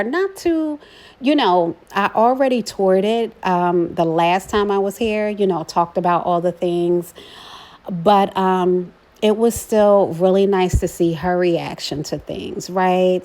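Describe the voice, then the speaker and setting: A middle-aged mother narrating a casual travel vlog, chatty and affectionate, often tagging her sentences with "right?". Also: medium pitch. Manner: chatty, keeps adding "right?"; warm and emotional about her daughter. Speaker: vlogger, mother.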